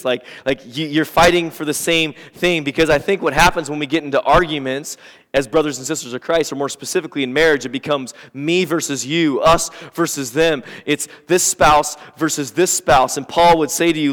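A man's voice: on the high side, fairly quick, a bit bright. Man preaching in a reverberant church. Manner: conversational preaching with acted-out quotes. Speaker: pastor. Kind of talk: sermon. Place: church sanctuary. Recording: church hall with long reverb.

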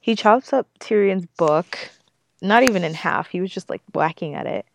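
A woman's voice: on the low side, lively intonation, moderate pace, creaky, a little hiss or hum. A woman co-hosting a casual TV recap chat, walking through the plot in a chatty way. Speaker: podcast co-host.

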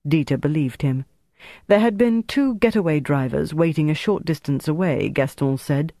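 An audiobook narrator giving a steady, measured reading of a thriller. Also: medium pitch, no echo, clean studio sound.

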